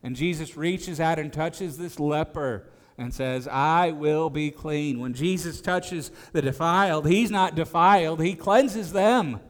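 Pastor, male, fairly high voice, stammering preacher, long hall reverb. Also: unhurried. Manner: stammers on restarts, rises to emphatic declarations. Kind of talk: expository sermon.

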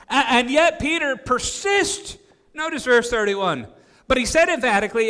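A man preaching a sermon, acting out quoted voices with sudden rises in pitch and frequent restarts. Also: expressive, moderate pace, pushed and bright, clean tone. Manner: acts out quoted disciples with rising voice, frequent restarts. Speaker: pastor. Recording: long hall reverb.

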